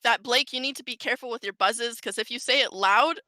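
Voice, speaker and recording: A man's voice: very high voice, a little fast, a crowd in the background. A man on a casual gaming podcast, fussing about the game's rules and laughing a lot. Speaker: podcast co-host, quiz contestant. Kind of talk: casual chat.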